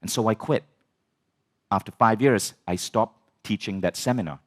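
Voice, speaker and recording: A man telling a personal story as a personal growth speaker, animated, swearing and acting out the dialogue. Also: lowish voice, normal speed. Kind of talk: storytelling talk.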